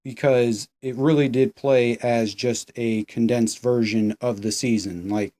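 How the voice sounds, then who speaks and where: A man's voice: mid-range voice, fairly even intonation, unhurried, hardly any pauses, warm tone. A man recapping a show in casual, sarcastic and profane commentary.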